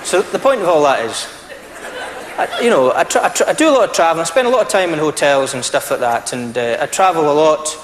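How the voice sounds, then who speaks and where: A Scottish man does stand-up on a large theatre stage, telling his stories in an animated way and slipping into daft voices. His voice sits high for a man. The hall rings with a long reverb, and loud crowd laughter rolls over him. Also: fast talker, noisy background. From Scotland. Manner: animated storyteller doing silly voices. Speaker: stand-up comedian. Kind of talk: stand-up comedy. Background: audience laughter.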